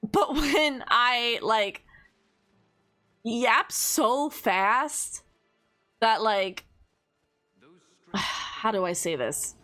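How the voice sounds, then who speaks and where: A woman streamer giving casual, playful commentary while gaming. She swears, taunts the enemy and rambles quickly to herself. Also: fairly high pitch, animated, pushed and bright, faint music behind. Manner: rambling fast self-talk.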